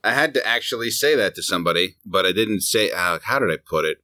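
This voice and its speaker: A man in his element on a podcast, cursing through crude banter and breaking into sudden yells. His lower voice has a bright, forward edge and swings widely in pitch. The sound is dry and close. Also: expressive, quick pace, dry recording. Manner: profane, jokey, bursts into shouts. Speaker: podcast co-host.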